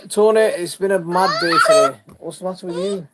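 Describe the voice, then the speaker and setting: A man's voice: high voice, a little fast. A father with a Sheffield accent hosting a casual live family chat, talking in a rambling, stop-start way with lots of fillers and teasing. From Sheffield, England. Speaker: father and channel host. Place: family home indoors. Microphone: phone. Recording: phone recording with background noise.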